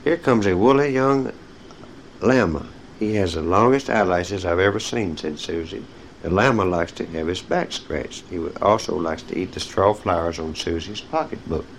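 A man with a somewhat low voice reads picture-book stories to young children. He talks to his listeners directly and tells them when to turn the page. A faint noise sits under his voice. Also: normal speed, rough recording. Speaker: storyteller. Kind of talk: reading children's stories aloud.

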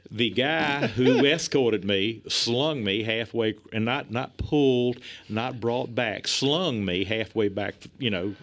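A middle-aged man telling stories in a casual chat, animated and chuckling, acting out the lines he quotes. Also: mid-range voice, slow pace, few pauses.

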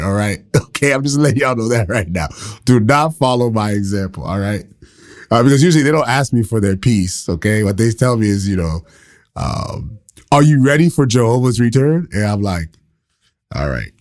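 Speaking at a mid-range pitch with a darkish tone, a thirty-something male pastor gives a casual, chatty Bible lesson, full of laughter and self-mockery.

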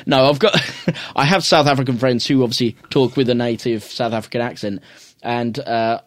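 A man's voice: mid-range voice, normal speed, no room sound. A man co-hosting a casual film review podcast, rambling, swearing and laughing at his own jokes. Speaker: podcast co-host.

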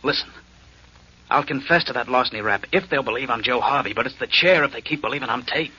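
A man's voice: mid-range voice, fast talker, bright, forceful tone, husky. An actor playing a desperate, wrongly jailed man who pleads urgently in a 1940s radio drama. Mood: pleading. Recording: dull old radio recording.

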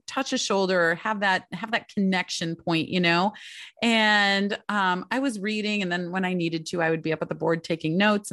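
A woman's voice: on the low side, fairly bright tone, no echo, clean studio sound. A middle-aged woman talking casually to the camera about her years as a homeschooling mother, chatty and heartfelt, often checking in with "right?" and "you know". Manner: heartfelt and openly emotional. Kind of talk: casual reflective talk to camera.

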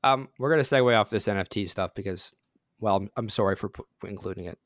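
A man's voice: on the low side, fast, no echo. A man hosting a podcast in casual chat, rambling and correcting himself with a wry, joking manner. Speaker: podcast host.

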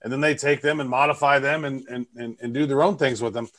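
A man's voice: mid-range voice, steady tone, quick pace, fairly bright tone. A man co-hosting a casual podcast, chatty and rambling with fillers. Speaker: podcast co-host. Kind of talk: casual chat.

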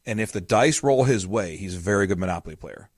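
Hosting a podcast as a financial advisor, this man speaks in a low, expressive, slightly rough and somewhat mellow voice at a quick pace. He's earnest, explaining through family anecdotes and acted-out quotes and repeating key points for emphasis. The recording is dry and studio quality.

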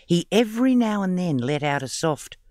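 A man, a children's book author, reading his storybook aloud in a lively, expressive way. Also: high-pitched, moderate pace, dry recording, clean studio sound.

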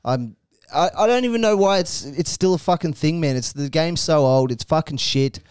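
A young man rants in crude, mock-outraged banter, swearing freely. His voice is smooth and resonant, heard close and dry with no room around it. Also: on the high side, expressive, normal speed, darkish tone, no room sound. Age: young adult. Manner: ranting, profane, mock-outraged. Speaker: podcast co-host.

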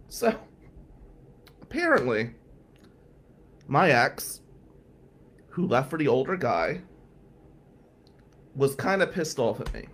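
A man telling a story on a radio talk show, animated and acting out the voices of the people he quotes. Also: medium pitch, a little slow, pauses often. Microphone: studio microphone.

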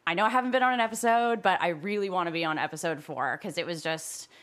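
A woman's voice: lowish voice, fast talker, fairly bright tone. A woman joining a podcast as a guest, chatting with giggly enthusiasm. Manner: enthusiastic, giggly, uses "like" a lot. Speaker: social media manager, podcast guest. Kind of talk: casual podcast chat.

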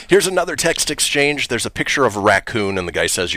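A man hosting a radio show, reading funny text messages aloud with lively, laughing delivery. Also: mid-range voice, normal speed, dry recording. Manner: lively, laughs between punchlines, switches voices for the quotes. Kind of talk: reading texts aloud on air, casual chat.

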